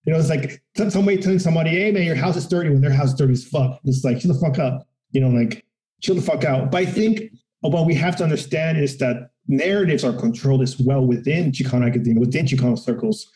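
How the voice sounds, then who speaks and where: A man talking in a casual, profane political discussion, animated and acting out quotes of other people. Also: mid-range voice, fast, echoey room, low-quality recording.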